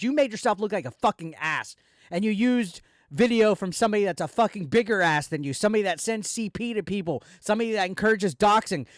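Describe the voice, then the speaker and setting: Swearing nonstop, a commentary channel host with a notably high-pitched voice rants at the rival he's attacking, speaking directly to him. It's angry reaction commentary, recorded dry with no room echo.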